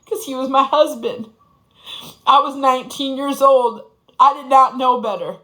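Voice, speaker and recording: Intense, bright-voiced woman telling her story. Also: sits high, unhurried, rough recording. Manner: intense, profane, repeats phrases for emphasis. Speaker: speaker sharing her story. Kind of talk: impassioned personal testimony.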